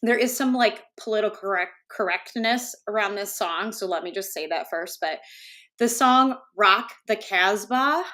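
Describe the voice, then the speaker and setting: A middle-aged woman, co-hosting a casual livestream chat and telling family stories with lively laughter. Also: medium pitch, moderate pace. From Wisconsin. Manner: storytelling, animated, laughs at her own stories. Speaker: co-host.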